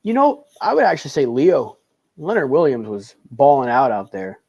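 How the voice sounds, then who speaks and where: A man's voice: mid-range voice, huge pitch swings, moderate pace, gravelly, dark tone, husky, no room sound, highs cut off. A young man co-hosting a casual sports post-game show who laughs often and reads out live chat comments. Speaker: podcast co-host.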